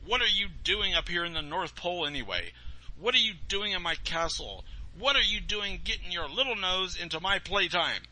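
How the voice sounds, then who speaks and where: A man voicing a crude, boozy Santa Claus who talks in a booming, mocking way with hearty ho-ho laughs. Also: very animated, normal speed, bright, forceful tone, heavily acted, poor audio. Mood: scornful.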